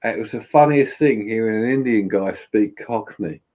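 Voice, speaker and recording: A man's voice: on the low side, moderate pace, a little mellow. A man from England hosting a casual live chat, chatty and telling stories, sometimes quoting other people in voices. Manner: chatty, storytelling with quoted voices.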